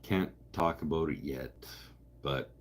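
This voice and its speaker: Husky low-voiced man chatting on a livestream. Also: slow. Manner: rambling, joking, self-interrupting. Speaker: livestream host. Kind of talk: casual chat reading live comments.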